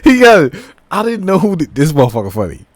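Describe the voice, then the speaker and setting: A man hosting a reaction video, chiming in with animated, blunt, slangy commentary and frequent laughter. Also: a little high, fast talker, a little hiss or hum.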